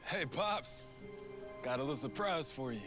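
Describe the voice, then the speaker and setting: An actor playing a kind, eager young adult son in a web drama, speaking gently and warmly. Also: male voice, mid-range voice, lively intonation, moderate pace, over loud music, natural voice. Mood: gentle.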